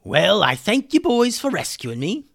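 A man's voice: sits high, huge pitch swings, a little slow, vocal fry, a bit bright, voice pushed up, exaggerated voice. A man voicing a formal, earnest male chicken wizard in a bedtime-style story.

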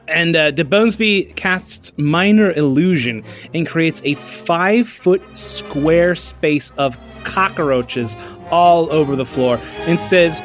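A man playing a tabletop game, animated and playful. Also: fairly high pitch, takes it slowly, faint music behind. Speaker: player.

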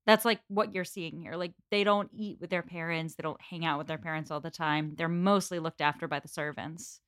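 A woman's voice: low voice, steady tone, fairly quick, a bit bright, clean tone, no echo, clean studio sound. A woman co-hosting a casual book discussion, wry and explaining historical context with casual swearing. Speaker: podcast co-host.

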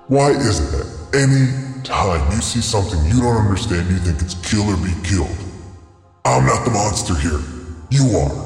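An actor playing a huge, tick-like male dark god in a horror audio drama, sarcastic and petulant like an internet troll. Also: deep voice, exaggerated voice. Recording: echoey hall reverb.

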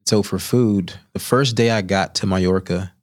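A young man, a chef, tells stories in a podcast studio in a lowish voice, with plenty of animation and a habit of acting out the people he quotes. His studio microphone keeps the sound close and clear. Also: moderate pace. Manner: animated storyteller who acts out quoted voices. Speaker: chef guest. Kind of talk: storytelling in a podcast interview.

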